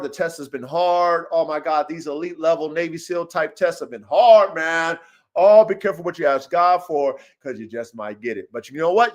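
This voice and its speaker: A man's voice: sits high, fairly bright tone. A man. He swears freely, preaches, and drives his points home by repeating them. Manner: swears a lot, preachy and emphatic, repeats himself. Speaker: podcast host and dog breeder. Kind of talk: casual monologue.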